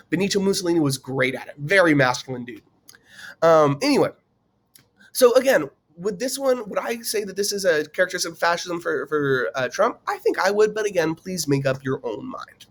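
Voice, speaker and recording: A man teaching in a casual, conversational way, with many fillers and questions put to the viewer. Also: fairly high pitch. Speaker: teacher explaining a political topic. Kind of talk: casual explainer lecture.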